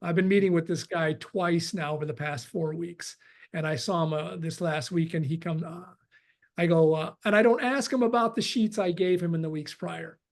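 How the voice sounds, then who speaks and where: A man's voice: on the high side, steady tone, normal speed, creaky. A man chatting on a video call webinar, rambling with restarts and acting out quoted dialogue. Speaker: webinar participant. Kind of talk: casual chat.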